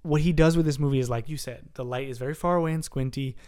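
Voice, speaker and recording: Rich: A man in a casual film podcast chat, speaking at a middle pitch. He argues his points with passion and emphasis, often pressing on while his co-host is still talking. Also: quick pace, a little mellow, clean tone. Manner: passionate, emphatic, talks over others.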